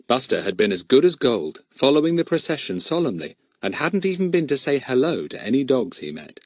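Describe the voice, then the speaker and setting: Man narrating a storybook, very expressive. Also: medium pitch, brisk. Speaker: audiobook narrator. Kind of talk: scripted narration.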